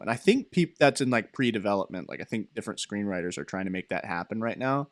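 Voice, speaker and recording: A man's voice: fairly low pitch, fast, hardly any pauses, no echo, studio quality. Rambling young man on a podcast. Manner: rambling, animated storytelling with laughs. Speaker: podcast co-host. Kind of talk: casual chat.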